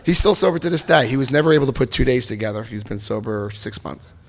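A middle-aged man from New Jersey telling a personal recovery story, acting out other people's lines and bursting into loud excitement. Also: medium pitch, fast talker.

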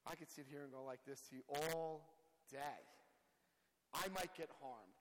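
A man telling his recovery story to a group, an animated storyteller who acts out the other voices loudly. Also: fairly high pitch, a little slow, in a large hall, low-quality recording. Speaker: speaker sharing recovery story.

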